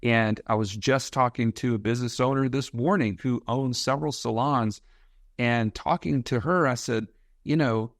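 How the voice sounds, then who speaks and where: A man's voice: mid-range voice, normal speed, no room sound, clean studio sound. A man co-hosting a podcast, telling a story and quoting what he said to others. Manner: storytelling, quotes himself. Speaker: podcast co-host. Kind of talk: casual podcast discussion.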